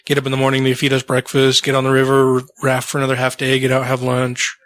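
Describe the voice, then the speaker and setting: A man's voice: mid-range voice, completely flat delivery, quick pace, fairly bright tone, no echo. A man co-hosting a podcast in casual chat, joking and swearing, his voice slightly strained. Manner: loose, profane, chuckling. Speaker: podcast co-host.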